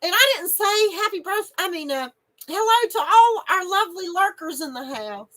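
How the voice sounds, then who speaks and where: Giggly high-voiced woman streamer. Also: big pitch swings, normal speed, fairly bright tone, poor audio. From North Carolina, USA. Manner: giggly, chatty and emotional, laughs often. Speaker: live stream host. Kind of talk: casual live stream chat, reading viewer comments.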